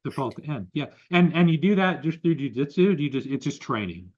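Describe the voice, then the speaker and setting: Speaking a little fast with a voice on the high side, a man co-hosting a podcast explains ideas animatedly through examples and quotes in a casual conversation, captured in lo-fi sound.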